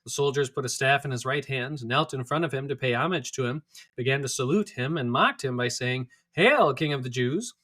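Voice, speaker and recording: A man reading scripture aloud in a steady, clear manner. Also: mid-range voice, a little fast. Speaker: scripture reader.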